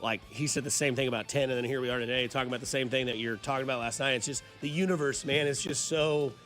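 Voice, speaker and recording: Laid-back male sports radio co-host, medium pitch, faint music bed. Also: steady tone, fast talker, a bit bright. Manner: easygoing storyteller. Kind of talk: casual sports radio banter. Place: radio studio. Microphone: studio microphone.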